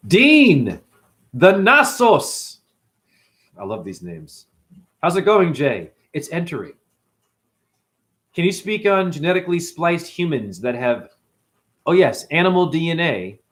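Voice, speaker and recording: A man's voice: a little high, very animated, slow, long pauses, a bit bright. A middle-aged man hosting a spiritual livestream, ranting in a profane, preachy way and answering his chat.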